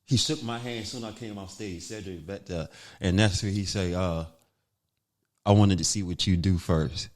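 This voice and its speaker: A man from North Carolina, a comedian guest telling a story in a casual, animated way and acting out what others said. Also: deep voice, normal speed.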